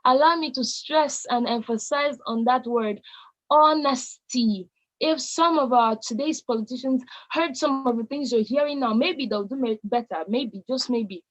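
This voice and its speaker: A woman's voice: high-pitched, normal speed, hardly any pauses, low-quality recording. A Nigerian woman in her late teens giving an emphatic, repetitive motivational speech to young people. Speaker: youth speaker.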